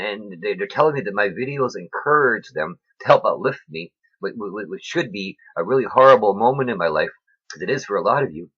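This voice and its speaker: A man with a low, husky voice and a tense, forceful edge, preaching in a rambling, emphatic way straight to his viewers. He keeps checking in with "right?" and swings between loud and hushed as emotion takes him. The sound is dull and lo-fi, like a home recording. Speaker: vlogger. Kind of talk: rambling faith talk to camera.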